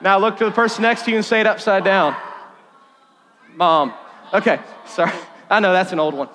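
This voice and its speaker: A man giving a sermon to a young crowd, animated and jokey, with sudden loud bursts of emphasis. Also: sits high, fast, slight background noise. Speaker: youth pastor. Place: church hall. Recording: long hall reverb.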